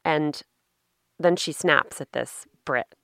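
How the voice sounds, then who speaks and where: Low, gravelly woman interviewer. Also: takes it slowly, fairly bright tone, dry recording, studio quality. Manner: casual, chatty, lots of fillers. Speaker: interviewer, host. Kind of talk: interview conversation.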